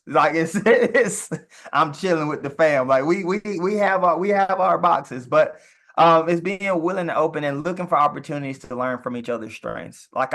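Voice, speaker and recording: A man talking casually about marriage and business, animated, stumbling on words and laughing often as he talks. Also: mid-range voice. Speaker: co-host.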